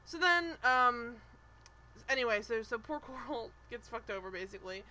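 A woman's voice: a little high, lively intonation, moderate pace, bright, forceful tone, slight background noise, low-quality recording. A woman co-hosting a podcast, chatting casually and animatedly as she recaps a show, swearing and mimicking people. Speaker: podcast co-host.

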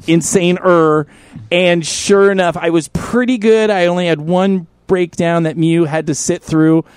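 High-voiced, profane storytelling man. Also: measured pace, smooth, dry recording. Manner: profane, animated, laughing as he tells stories. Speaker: podcast co-host. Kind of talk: casual chat, storytelling. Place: indoor studio room.

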